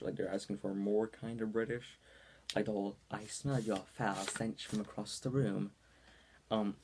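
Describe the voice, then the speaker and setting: Casual, rambling video review from a low, gravelly young man. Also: dark tone, slight background noise. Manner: rambling, with many ums and likes. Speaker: movie reviewer.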